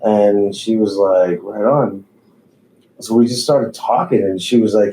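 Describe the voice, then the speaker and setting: A man's voice: on the low side, steady tone, a little slow, mellow, low-quality recording. A man, a tattoo artist, telling stories in a laid-back way, swearing freely and laughing often. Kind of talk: casual storytelling. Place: tattoo shop.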